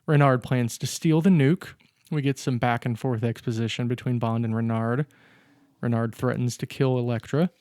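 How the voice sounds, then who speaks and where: Recorded cleanly in a studio with no room sound, this podcast co-host walks through a film's plot step by step in casual chat, filling gaps with fillers. His voice is medium-pitched and darkish, at normal speed with fairly even intonation.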